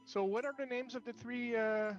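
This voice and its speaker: A man's voice: very high-pitched, steady tone, normal speed, faint music behind. A man playing in a tabletop game, chatting casually with wry, joking asides. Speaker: player. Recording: dull lo-fi audio.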